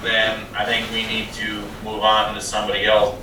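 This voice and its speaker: A man's voice: fairly low pitch, completely flat delivery, moderate pace, noisy background. A man on a city board, joining a public meeting by remote call and speaking plainly and directly. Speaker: board member. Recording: very echoey, distant sound.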